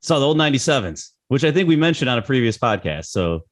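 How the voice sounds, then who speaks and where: A middle-aged man, hosting a podcast in relaxed chat, a bit hoarse and often repeating words. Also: medium pitch, fast talker. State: slightly hoarse, lost voice a little. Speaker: podcast host.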